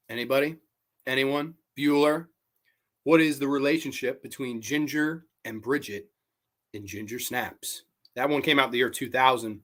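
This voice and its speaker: A man hosts a casual horror livestream, reading the chat aloud and chatting while he snacks on candy. His voice is a little high, pushed and bright.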